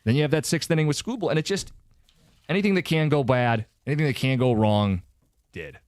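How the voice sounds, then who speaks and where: A man's voice: mid-range voice, brisk, no echo. A man hosting sports talk radio, emphatic, his voice jumping up to drive points home. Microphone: studio microphone.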